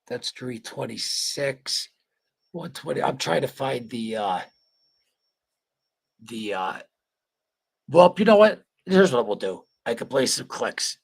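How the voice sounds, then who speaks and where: A man's voice: mid-range voice, lively intonation, slow pace, gravelly, pauses often, breathy edge. A man hosting a casual livestream chat, rambling and emotional, swearing freely and greeting viewers by name. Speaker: livestream host.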